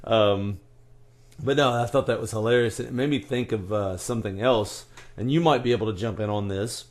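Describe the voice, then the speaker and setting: A man hosting a casual podcast, telling a story in quick, animated bursts full of fillers and restarts. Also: on the low side. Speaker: podcast host.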